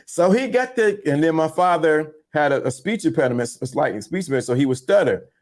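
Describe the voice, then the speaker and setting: Brisk and fairly high-pitched, a male podcast co-host spins casual stories. He animates them by doing the voices of the people involved.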